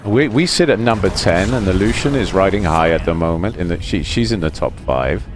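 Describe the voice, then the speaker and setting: A man's voice: sits low, lively intonation, a little fast, music in the background. A man giving chatty, explanatory commentary over his own gameplay, with many fillers. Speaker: gaming YouTuber.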